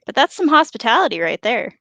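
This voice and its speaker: High-voiced woman with dry wit, close and dry sound. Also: sing-song, quick pace, pushed and bright, no room sound. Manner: dry wisecracks, chatty asides while knitting. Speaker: podcast co-host. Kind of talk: casual podcast chat.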